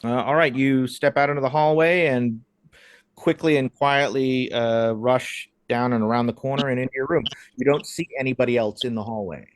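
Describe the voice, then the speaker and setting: A man's voice: mid-range voice, moderate pace, dry recording. A man running a tabletop game as game master, narrating the scene with frequent fillers. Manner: lively narration with hesitant fillers.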